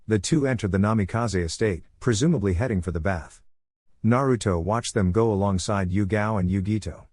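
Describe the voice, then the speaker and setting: A man narrating a fan-fiction story in an even, plain reading manner. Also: fairly low pitch, fairly quick, no room sound, clean studio sound.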